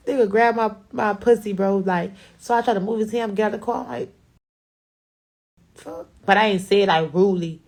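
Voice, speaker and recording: A young adult woman with a Chicago accent telling a blunt, profane, animated story in a casual storytime to camera. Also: medium pitch, normal speed. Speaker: rapper.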